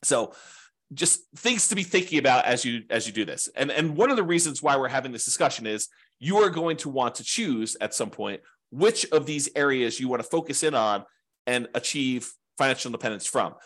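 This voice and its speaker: A man's voice: mid-range voice, expressive, fairly quick, fairly bright tone. A man teaching an informal class on real estate investing, talking in a rambling, conversational way with frequent asides.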